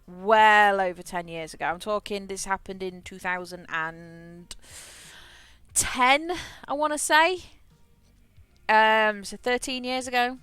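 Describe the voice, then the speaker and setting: Slow and medium-pitched, her fairly bright, clean voice comes through with no room sound over soft background music. She chats casually while streaming a game, telling a wandering story full of restarts and repeated words.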